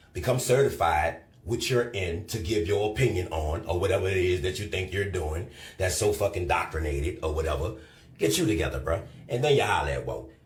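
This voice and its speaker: A man on a live stream delivering a loud, profane rant, scolding and repeating himself for emphasis. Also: mid-range voice, reverberant.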